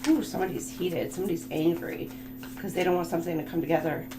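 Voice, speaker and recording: A woman's voice: on the low side, steady tone, fast talker. A woman doing a livestream tarot reading, chatty, emphatic and blunt. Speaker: tarot reader. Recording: echoey room with music behind. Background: background music.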